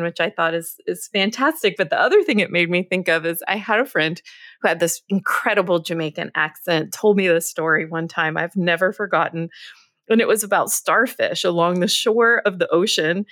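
A woman's voice: on the low side, fairly bright tone, no echo, studio quality. A woman co-hosting a podcast, telling a story casually and laughing often. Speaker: podcast co-host.

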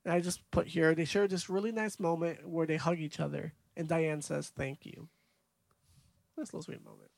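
Man, podcast co-host, gravelly voice, slightly higher pitch, dry close sound, casual movie recap. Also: fairly even intonation, moderate pace, dry recording. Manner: recaps scenes from notes, laid-back.

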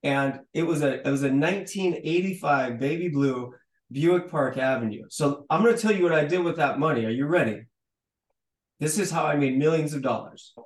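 A man being interviewed as a guest, telling a story in a lively way, acting out the dialogue and stumbling over repeated words. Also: on the high side, moderate pace. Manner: animated storyteller who acts out dialogue, with stammered restarts. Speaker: podcast guest. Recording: roomy, echoey room sound.

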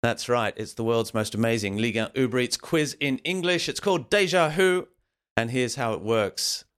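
A man's voice: medium pitch, normal speed, fairly bright tone. Playful male podcast host. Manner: playful, jokey, promotional. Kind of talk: upbeat podcast hosting.

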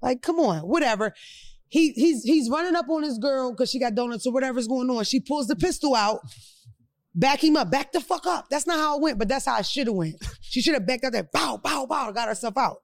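A woman hosting a casual podcast chat, animated and joking, swearing freely as she tells stories. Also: high voice, brisk, no echo, studio quality. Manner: animated, profane, joking storyteller. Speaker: podcast host.

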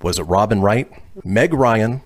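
A man's voice: fairly low pitch, animated, measured pace. A man hosting a casual trivia podcast, reading multiple-choice questions and laughing often. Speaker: quiz host.

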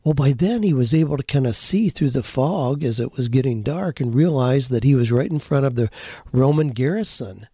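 A man's voice: medium pitch, animated, normal speed, mellow, breathy edge, dry recording, studio quality. An older man hosting an advice podcast, answering listeners in an earnest, folksy, encouraging way and telling stories along the way. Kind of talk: conversational advice with storytelling.

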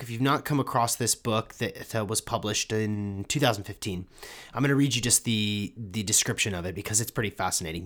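A man hosting a podcast in casual, rambling talk with plenty of restarts and fillers while fighting a summer cold. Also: medium pitch. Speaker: podcast host. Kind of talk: casual podcast intro and interview.

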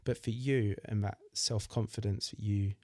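A man's voice: lowish voice, steady tone, normal speed, mellow, no room sound, clean studio sound. A man hosting a podcast, talking supportively with his guest and repeating words as he gathers his thoughts. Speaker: podcast host. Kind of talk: casual interview chat.

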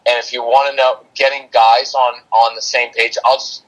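A man's voice: mid-range voice, little pitch movement, moderate pace, fairly bright tone, rough recording. A man talking as a parenting coach and podcast guest, practical and plain-spoken, with a dry sarcastic streak and a habit of explaining through analogies. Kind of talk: casual podcast conversation.

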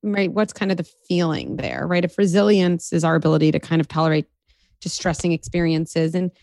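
Gravelly-voiced woman psychologist guest. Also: fairly low pitch, expressive, brisk, no room sound, studio quality. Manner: warm explaining, reassuring, with verbal fillers. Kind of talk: conversational interview.

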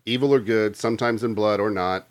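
A man's voice: on the low side, steady tone, fairly quick. A man hosting a casual podcast, reading notes aloud between jokes. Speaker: podcast host reading the lore.

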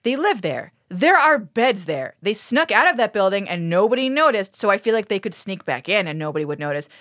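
A woman recapping a TV episode on a podcast, swearing a lot and acting out the characters' lines with big, animated energy. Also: medium pitch, brisk, no echo, studio quality. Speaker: podcast co-host. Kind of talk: casual podcast recap chat.

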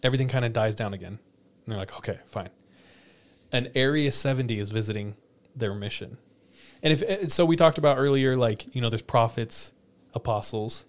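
Male podcast host, mid-pitched, animated storyteller who laughs a lot and acts out quotes; casual chat. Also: a little fast.

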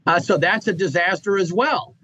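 A man's voice: high-pitched, moderate pace, pushed and bright, highs cut off, slight background noise. A man commentating on politics, explaining figures in an explanatory way with many hesitations. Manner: explanatory, with frequent "uh" fillers. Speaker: guest commentator.

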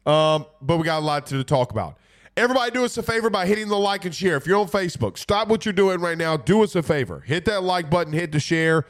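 A man's voice: fairly high pitch, animated, quick pace. Congested man hosting sports talk. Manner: laid-back, rambling with fillers. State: congested from a cold. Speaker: podcast host. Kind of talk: casual sports talk, reading viewer comments.

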